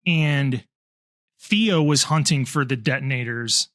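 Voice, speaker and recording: A man's voice: mid-range voice, takes it slowly, fairly bright tone, dry recording, clean studio sound. A man co-hosting a film podcast, talking enthusiastically and explaining background at length in casual chat. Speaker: podcast co-host.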